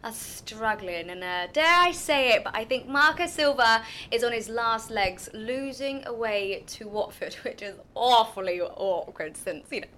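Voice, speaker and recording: A woman's voice: fairly high pitch, animated, measured pace, few pauses, pushed and bright, slight background noise. A woman hosting a casual football chat, giving her opinions in a chatty, hedging way.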